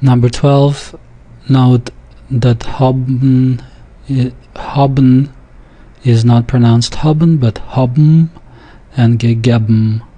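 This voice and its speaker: Male teacher for a pronunciation lesson: unhurried, methodical, warm low-key timbre. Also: level tone. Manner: slow, methodical, repeats each example sentence. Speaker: language teacher.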